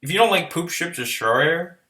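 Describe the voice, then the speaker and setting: A man's voice: fairly high pitch, expressive, normal speed, pushed and bright. A man giving a casual, rambling, profane and enthusiastic album review in a vlog. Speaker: music reviewer.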